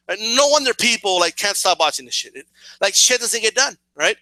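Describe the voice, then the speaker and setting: A man in a casual comedic rant, profane and animated, who keeps asking "right?" to his listeners. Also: high-pitched, fairly quick, no room sound. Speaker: vlogger.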